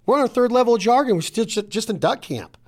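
A middle-aged man hosting a casual hunting podcast, talking in an energetic, emphatic, rambling way. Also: extremely high pitch, fast. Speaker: podcast host.

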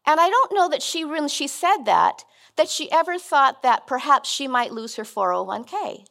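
A woman's voice: sits high, big pitch swings, normal speed, gravelly, fairly bright tone. Earnest middle-aged woman preaching. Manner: conversational, earnest, with frequent restarts. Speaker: guest speaker. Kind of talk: sermon.

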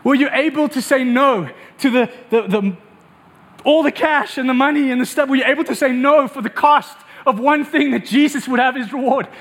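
High-voiced preacher man, animated. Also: moderate pace. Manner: animated storytelling with acted quotes. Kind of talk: sermon.

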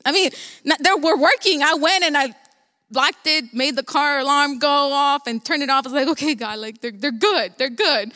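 Young woman vlogging a story, acts out the lines, bright voice, echoey room. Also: high voice, moderate pace. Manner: animated, acts out quoted dialogue. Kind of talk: casual storytelling to viewers.

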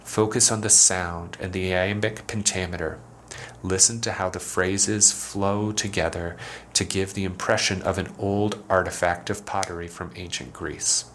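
A man hosting an educational poetry podcast, explaining meter in a measured, scripted way and reading verse slowly and deliberately. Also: deep voice, steady tone, music in the background. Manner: measured, clear explanatory delivery, slows to a deliberate recitation for verse. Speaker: podcast host teaching poetry.

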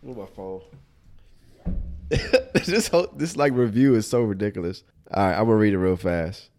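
A man's voice: fairly low pitch, lively intonation, moderate pace, a little mellow, a little hiss or hum. Slightly stuffy-nosed man chatting. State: a bit stuffy from sinus trouble. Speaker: podcast co-host. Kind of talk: casual faith podcast chat.

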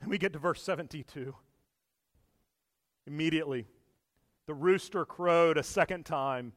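A man with a high voice preaches a sermon in a church, earnest and emphatic, dropping to a hush and then rising loud again. He stumbles and repeats words now and then, with small laughs in between. His voice rings out with a long echo through a large hall. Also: normal speed. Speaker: pastor. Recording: echoey hall with long reverb.

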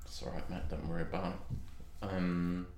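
A man's voice: low voice, little pitch movement, moderate pace, a little mellow, roomy sound. A man co-hosting a podcast, chatting casually, teasing and swearing, often laughing. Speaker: podcast co-host. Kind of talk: casual banter.

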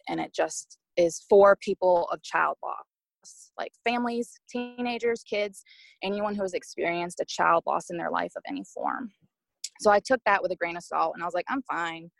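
A woman's voice: on the low side, gravelly, no echo, rough recording. A young adult woman telling a candid, emotional personal story as a podcast guest, with frequent fillers. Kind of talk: personal story told in conversation.

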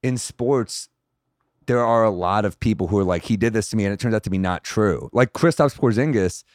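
A young man chatting casually as a podcast guest, quick and eager, laughing often. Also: fairly low pitch, no room sound, clean studio sound. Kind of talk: casual chat.

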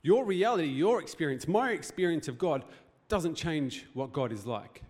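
A man's voice: on the high side, animated, moderate pace, a little mellow. A man preaching a sermon as pastor, in a conversational, joking way with rhetorical questions. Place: church hall.

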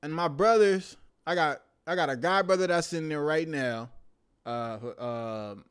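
Slangy animated young man, smooth voice. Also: fairly high pitch, a little slow. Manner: slangy, profane, animated rants. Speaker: podcast host. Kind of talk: casual monologue.

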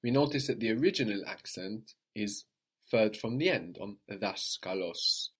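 A man's voice: lowish voice, expressive, normal speed, husky. A man teaching a language lesson, patiently prompting a student and repeating model phrases.

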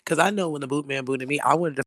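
A woman's voice: sits low, quick pace, a bit bright. A woman joking in laid-back casual chat.

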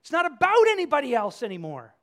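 Animated preacher, hushed to booming. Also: quick pace. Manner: swings from hushed to loud, animated storytelling. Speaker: pastor. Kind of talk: sermon.

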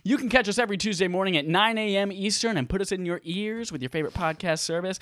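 A man hosting a casual live gaming podcast on a headset mic, energetic, crude and joking, laughing often. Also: sits high, quick pace, hardly any pauses, dry recording, studio quality. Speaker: podcast host. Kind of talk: casual livestream podcast chat.

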